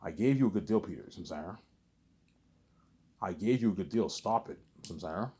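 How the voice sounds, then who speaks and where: A man's voice: low-pitched, expressive, fairly quick, mellow. A man rambling in a casual vlog monologue, boastful and repetitive, swearing freely. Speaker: vlogger.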